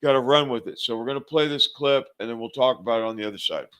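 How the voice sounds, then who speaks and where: A man's voice: medium pitch, quick pace, fairly bright tone, clean tone. A man hosting a talk show, speaking hesitantly with many fillers. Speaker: host. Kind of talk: casual talk show chat.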